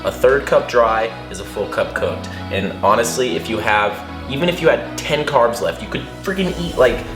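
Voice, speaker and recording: A man's voice: mid-range voice, lively intonation, moderate pace, music in the background. A bodybuilder and nutrition coach talking his viewers through a how-to vlog in a casual, chatty way, calling them guys. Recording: echoey room.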